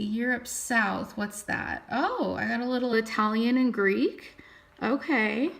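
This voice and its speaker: A woman's voice: fairly high pitch, gravelly, a bit bright. A young woman vlogger talking casually at her computer, thinking aloud as she reads through results. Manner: chatty, thinking aloud while reading results. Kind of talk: casual vlog talk.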